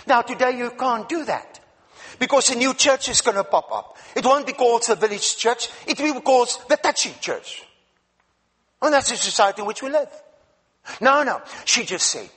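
A male preacher telling a Bible story in a sermon, with dramatic swings between loud and hushed delivery. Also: very high voice, expressive, normal speed, husky. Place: church. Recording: reverberant church hall.

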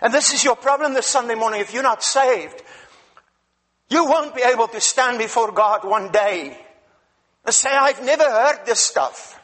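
A man's voice: extremely high pitch, moderate pace, a bit bright. A man from Africa preaching a sermon as a guest speaker, emphatic, asking the congregation questions and repeating words.

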